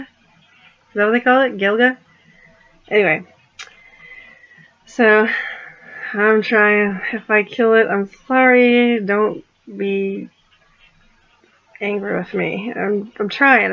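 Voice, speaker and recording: A woman's voice: medium pitch, muffled recording. A woman vlogger chatting casually, giggling and apologizing as she stumbles through foreign words. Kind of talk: casual chat.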